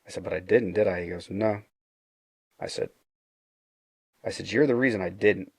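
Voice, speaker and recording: A man's voice: moderate pace, a little mellow, dry recording. A middle-aged man telling a personal story in a casual, earnest way, acting out the dialogue and often restarting his phrases. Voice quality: low gravelly voice.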